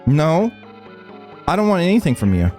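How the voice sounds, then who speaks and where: A man's voice: on the high side, wildly swooping pitch, normal speed, a little mellow, faint music behind, pitched above the performer's own voice. A man voicing a hot-tempered young gunslinger girl who talks in a brash, snappy, cursing way.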